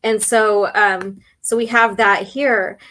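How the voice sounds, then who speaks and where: A woman hosting a casual chat show. She talks in an unhurried, chatty way, laughs often, and is losing her voice. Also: mid-range voice, steady tone, a bit bright. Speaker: host.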